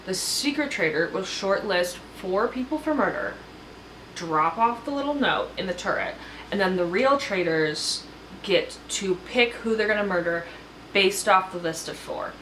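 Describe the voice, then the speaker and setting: A woman's voice: mid-range voice, fairly bright tone, slight background noise. A young woman casually recapping a TV episode in a chatty, gushing way, acting out what the cast said. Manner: chatty, gushing, acts out the cast's lines. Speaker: recap vlogger. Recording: echoey room with faint ambience.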